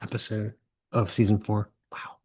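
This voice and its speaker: A man's voice: on the low side, flat delivery, normal speed, husky, soft background music. Wry man podcast co-host. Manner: wry storyteller, acts out yelling dads. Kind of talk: comedic podcast banter.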